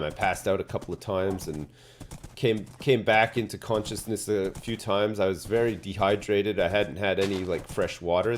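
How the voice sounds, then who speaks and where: Low-voiced man spinning a deadpan tall tale. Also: a little hiss or hum. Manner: deadpan tall tale, swearing, lots of fillers. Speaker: streamer telling a made-up story. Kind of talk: rambling comic storytelling.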